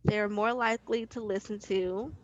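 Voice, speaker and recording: A woman co-hosting a podcast in casual chat, relaxed and often agreeing. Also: mid-range voice, normal speed, dull audio. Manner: relaxed, agreeing with short backchannels. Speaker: podcast co-host.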